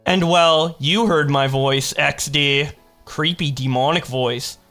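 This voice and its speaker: A man's voice: on the high side, takes it slowly, pushed and bright. A young man doing commentary, reading chat messages aloud with sarcastic asides. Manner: sarcastic, reads messages aloud in put-on voices. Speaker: commentary YouTuber. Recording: faint music behind.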